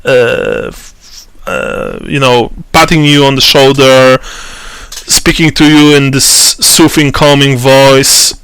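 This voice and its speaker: A man narrating a tabletop role-playing game as game master, slow and halting with many fillers and restarts. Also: mid-range voice, big pitch swings, fairly bright tone, smooth, no echo.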